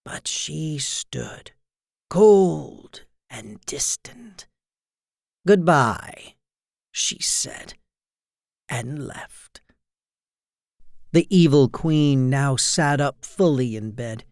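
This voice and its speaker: A storyteller reading a fairy tale aloud softly and soothingly, as a bedtime story. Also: mid-range voice, expressive, extremely slow, creaky, dry recording, clean studio sound.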